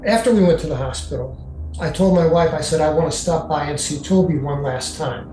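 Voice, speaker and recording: An older man recounting his own experience to an interviewer, in a halting way with many fillers. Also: a little high. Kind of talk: first-person storytelling. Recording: echoey room with faint music.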